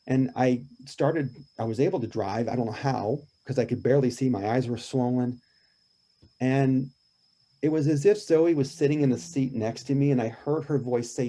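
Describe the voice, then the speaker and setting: A man with a mellow, warm tone and a mid-range pitch, speaking as a podcast guest. He tells a deeply personal story earnestly and reflectively, leaning into key points with emphasis. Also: steady tone, moderate pace. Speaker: podcast guest, grief coach.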